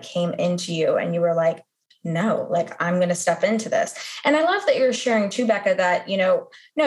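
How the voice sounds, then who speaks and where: Enthusiastic woman podcast host. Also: mid-range voice. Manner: enthusiastic, affirming. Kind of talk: podcast interview.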